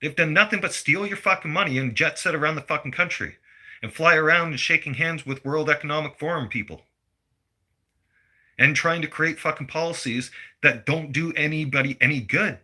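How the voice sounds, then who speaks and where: A man's voice: fairly high pitch, brisk, bright, forceful tone. A man, delivering a blunt, heated political rant full of swearing. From Canada. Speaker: vlogger.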